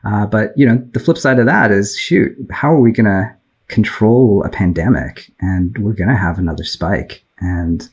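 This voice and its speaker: An American man who is a guest on a podcast, speaking in a measured, reflective way with lots of ums. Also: fairly low pitch, breathy edge, rough recording. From United States. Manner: measured, reflective, with many fillers. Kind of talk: casual conversational discussion.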